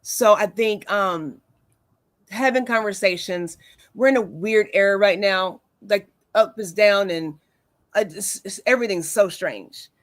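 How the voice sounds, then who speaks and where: A woman's voice: mid-range voice, unhurried, no room sound. A woman in her forties hosting a wellness talk show, telling stories casually with many fillers. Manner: warm storytelling with many fillers. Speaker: host.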